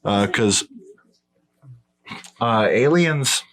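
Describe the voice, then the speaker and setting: A man's voice: medium pitch, animated, extremely slow, fairly bright tone. A man co-hosting a podcast in casual chat, blunt and profane, dismissing claims outright. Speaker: podcast co-host.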